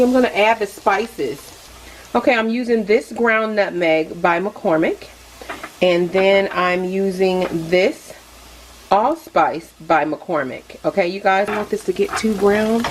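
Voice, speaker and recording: A woman's voice: mid-range voice, background noise. A middle-aged woman hosting a casual cooking vlog, chatting straight to her viewers from her home kitchen stove. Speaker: cooking channel host. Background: faint sizzling and frying.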